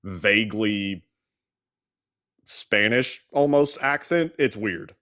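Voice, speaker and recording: A man's voice: on the low side, slow, a bit bright. An American man co-hosting a call-in show, wry and picky about how the caller sounds. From United States. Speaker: co-host. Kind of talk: casual call-in chat.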